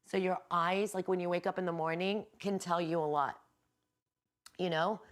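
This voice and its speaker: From a hotel room, a woman who works as a healer and yoga instructor leads a casual guided meditation class. She talks in a relaxed, rambling, candid way, swearing now and then, with a lowish voice at normal speed.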